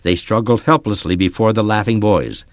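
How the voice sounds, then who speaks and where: A man reading a children's story aloud, in expressive, measured scripted narration. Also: fairly low pitch, dry recording, studio quality.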